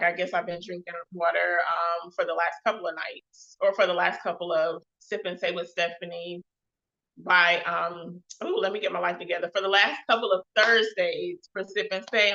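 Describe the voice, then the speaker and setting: A chatty woman hosts a casual livestream and calls out to her chat. Her voice is bright and forceful, and it carries a touch of volume. The stream audio sounds dull and lo-fi. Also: fairly low pitch. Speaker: host of a live web show.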